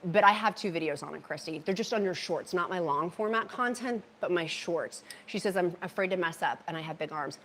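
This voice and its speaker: A chatty, bubbly woman hosts a casual livestream from her home kitchen. Her voice sits a bit low for a woman. She talks into a handheld phone as she reads out viewer comments. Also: brisk, hardly any pauses, a bit bright. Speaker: livestream host. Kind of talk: casual livestream chat while meal prepping.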